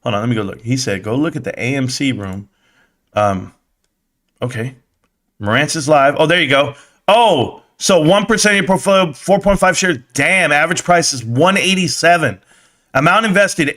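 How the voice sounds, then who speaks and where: Brief: man live-stream ranter, high-pitched, profane, joking, rambling. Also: moderate pace, sharp tone. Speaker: live-stream stock commentator. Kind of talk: casual live-stream rant.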